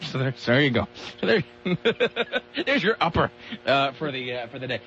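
Lively, joking male radio host. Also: mid-range voice, moderate pace, muffled recording, a little hiss or hum. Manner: joking, laughing, wry asides. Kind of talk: casual talk radio banter.

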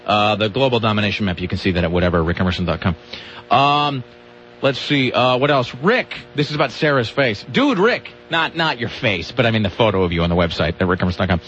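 Animated, joking male radio host. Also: medium pitch, dull audio. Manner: joking, rambling, laughs often. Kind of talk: casual radio banter.

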